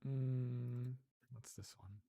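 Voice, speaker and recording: An ASMR livestreamer chatting casually with viewers, soft-spoken, curious and quick to giggle. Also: mid-range voice, fairly even intonation, creaky.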